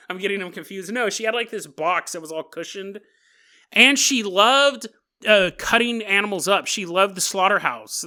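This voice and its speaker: Lively rambling podcast man, laughing. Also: sits high. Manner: rambling, jokey, laughs often mid-sentence. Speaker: podcast host. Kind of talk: casual solo podcast monologue.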